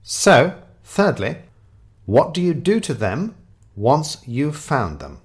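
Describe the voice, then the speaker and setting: A man's voice: a little high, big pitch swings, slow pace, voice pushed up, exaggerated voice. A man voicing a stern, impatient female police inspector with a curt, commanding manner.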